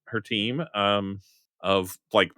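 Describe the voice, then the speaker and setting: Game master, male, low and bright, loose and rambling narration. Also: fairly even intonation, slow pace, clear, resonant tone, no room sound, studio quality. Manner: rambling with fillers and laughs.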